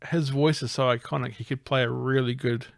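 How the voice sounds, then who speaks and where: A man's voice: medium pitch, steady tone, brisk, creaky, no room sound, studio quality. A young man co-hosting a podcast, chatting eagerly and laughing often. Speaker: podcast co-host. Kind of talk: casual chat.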